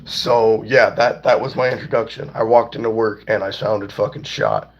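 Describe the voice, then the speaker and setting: A young man with a hoarse, worn-out voice, chatting loosely and profanely on a livestream and greeting viewers by name. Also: on the low side, steady tone, normal speed, noisy background. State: hoarse, voice nearly gone. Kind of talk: casual livestream chat. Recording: dull lo-fi stream audio.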